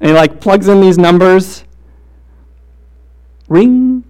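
A man with a high, light voice delivers a sermon. He tells stories in a quick, casual way, peppered with "like" and "right?", then slows to a soft, intense hush for emphasis. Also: animated. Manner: shifts between fast casual storytelling and slow hushed emphasis. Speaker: preacher.

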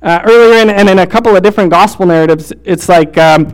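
High-voiced man preaching with hushed intensity. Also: clean tone. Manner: shifts between fast casual storytelling and slow hushed emphasis; casual fillers like "like" and "right?". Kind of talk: sermon.

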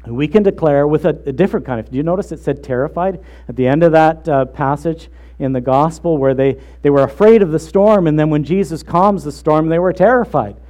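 Earnest preaching man, mellow voice. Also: medium pitch. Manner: earnest, measured preaching with slow emphatic phrases. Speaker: pastor. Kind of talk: sermon.

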